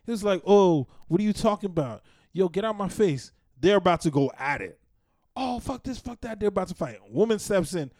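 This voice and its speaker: A man with a high, very lively voice argues his side in a casual podcast chat. He tells club stories, acting out each person in them. The sound is dry and close. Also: fairly quick, no room sound. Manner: animated storyteller, acts out quotes. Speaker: podcast co-host.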